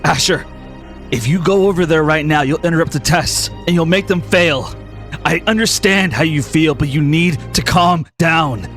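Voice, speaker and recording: A man voicing a steady male friend who calmly talks another down. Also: on the high side, moderate pace, faint music behind, pitched above the performer's own voice, natural voice. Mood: calming. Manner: calm, soothing, reasoning.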